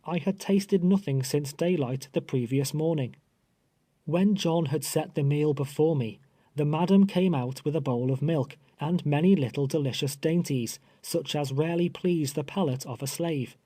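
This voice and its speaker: A man reading an audiobook aloud in measured, grave first-person storytelling. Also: on the high side, mellow, dry recording. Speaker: audiobook narrator. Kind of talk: scripted first-person narration.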